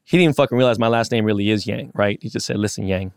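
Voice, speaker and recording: A man's voice: mid-range voice, racing, creaky, no echo, studio quality. A man co-hosting a podcast, telling a story casually with lots of swearing and acted-out quotes. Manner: animated, profane, acts out quotes. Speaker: podcast co-host.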